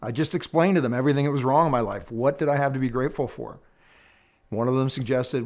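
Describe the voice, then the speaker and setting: A middle-aged man speaking earnestly to viewers about personal growth, telling his own story in a measured, reflective way with pauses. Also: medium pitch, a little mellow. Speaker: personal development teacher. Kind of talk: reflective personal talk to camera.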